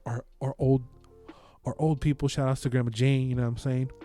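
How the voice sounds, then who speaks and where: This podcast co-host is a man with a medium-pitched voice who speaks briskly over soft background music. He chats casually, swearing freely and sounding animated and emphatic.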